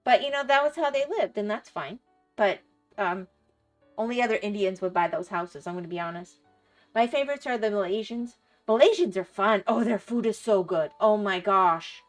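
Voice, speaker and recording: A middle-aged woman livestreams while gaming, chatting casually, rambling through stories, laughing often and answering her chat. Her voice is mid-range at a normal speed, with faint music behind her.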